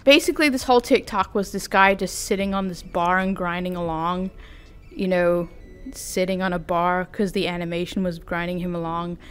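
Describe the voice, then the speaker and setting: A woman's voice: lowish voice, fairly even intonation, normal speed, a bit bright, clear, resonant tone. A young adult woman vlogging in a casual, rambling, self-deprecating chat with giggly asides. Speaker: vtuber vlogger.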